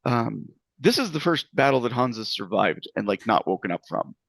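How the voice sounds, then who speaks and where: Rambling male GM, animated, gravelly tone. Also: medium pitch, moderate pace, no room sound. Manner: rambling, full of fillers. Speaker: game master. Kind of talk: narrating a tabletop game.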